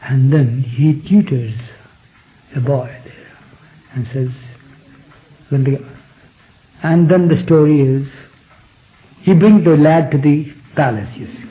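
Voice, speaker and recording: A man's voice: on the high side, takes it slowly, pauses often. A man from India, telling a story in an informal talk with frequent conversational asides. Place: hall. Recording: dull 1970s tape recording.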